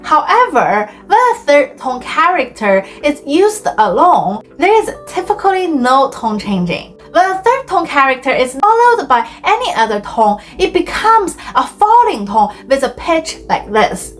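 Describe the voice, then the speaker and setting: A woman teaching Chinese in a clear, deliberate scripted explainer, slowing down to model tones. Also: high-pitched, very animated, soft background music.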